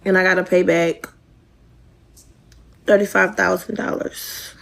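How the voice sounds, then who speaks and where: Woman venting on a phone clip, gravelly, cursing, annoyed. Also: on the low side, little pitch movement, unhurried. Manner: profane, exasperated, talking straight to viewers. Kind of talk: casual social media rant.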